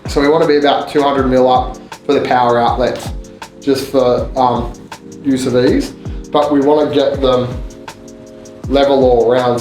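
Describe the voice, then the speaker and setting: A man hosting a renovation vlog, explaining the work in a chatty, joking way, inside a kitchen being rebuilt. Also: medium pitch. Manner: chatty, joking, loose with fillers. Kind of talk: casual on-site explanation. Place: indoor kitchen under renovation. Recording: echoey room with loud music behind.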